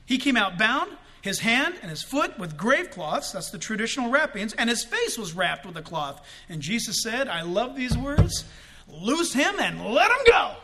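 Casting note: male pastor, very high and bright voice, lively delivery with shouted peaks and laughs. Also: moderate pace, few pauses. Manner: animated, shouts for emphasis, jokes and laughs. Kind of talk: sermon.

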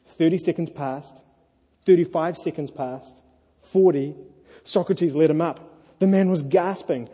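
A married man preaching a sermon to a congregation, earnest and lively when he tells stories. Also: on the high side, unhurried, breathy edge. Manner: earnest, animated storytelling. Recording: echoey hall.

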